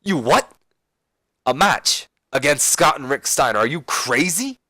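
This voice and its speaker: A man's voice: fairly low pitch, big pitch swings, measured pace, a bit bright, dry recording, clean studio sound. A man voicing a put-upon male wrestler who reacts in disbelief and exasperation to his partner. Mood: exasperated. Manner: incredulous, exasperated.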